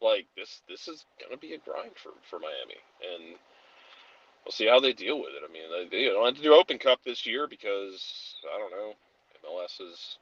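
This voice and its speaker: Male podcast co-host, husky, restarts a lot, casual chat. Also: on the low side, big pitch swings, normal speed, fairly bright tone, highs cut off. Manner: restarts phrases and clears his throat.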